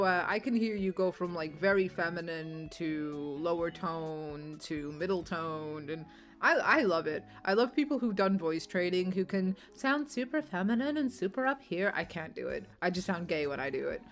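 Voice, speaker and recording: A tired young woman streamer with a low, croaky voice that cracks, rambling and swearing casually between laughs. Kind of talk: casual gameplay commentary.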